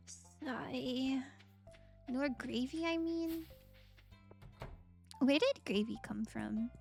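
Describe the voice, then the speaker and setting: A woman's voice: high-pitched, drawn-out words, gravelly, pauses often, darkish tone, soft background music. A woman streaming a game and chatting casually and playfully with her viewers, often laughing. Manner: playful, giggly, talks to chat. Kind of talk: casual live-stream chat while gaming.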